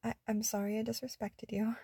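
A woman voicing a submissive young woman who answers breathlessly and stammers, with a husky voice. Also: mid-range voice, steady tone, measured pace, a little mellow, no room sound, clean studio sound.

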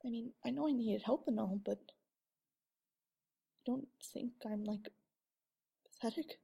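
A woman in a whispered role-play, voicing an ashamed young woman who confides haltingly and apologizes often. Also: on the high side, exaggerated voice. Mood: tearful. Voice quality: soft, hushed and breathy. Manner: halting and apologetic, with many restarts.

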